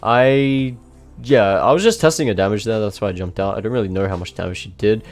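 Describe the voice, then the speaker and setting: A man's voice: fairly low pitch, fairly quick. A young man giving casual, rambling gameplay commentary, swearing often and restarting his sentences. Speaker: gaming video creator. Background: faint background music.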